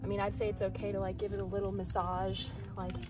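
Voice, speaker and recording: A woman's voice: mid-range voice, completely flat delivery, quick pace, over music. A young American woman in her twenties chatting casually at home as she gardens, bubbly, hyper and rambling. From United States. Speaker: vlogger. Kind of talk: casual chat while gardening. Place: at home, indoors and in the yard.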